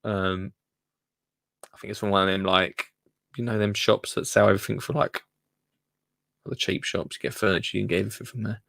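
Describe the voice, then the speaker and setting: A man's voice: lowish voice, steady tone, brisk, creaky, pauses often, fairly bright tone, no echo, studio quality. Chatty Essex man hosting a live stream. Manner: chatty, self-deprecating, rambling with many fillers. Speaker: gardening livestream host. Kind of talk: casual live-stream chat. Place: home in Essex, reading comments live.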